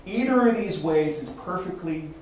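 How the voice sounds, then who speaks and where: A man's voice: a little high, animated, normal speed, darkish tone, a little hiss or hum. A man presenting at a tech meetup, explaining casually to a small group with frequent restarts and "right?" checks. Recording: echoey room, distant mic, faint ambience.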